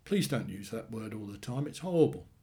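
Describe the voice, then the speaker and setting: A man's voice: fairly low pitch, expressive, fairly quick, warm tone, natural voice. A man voicing a young woman who is tearful and hurt, pleading as she talks about her father.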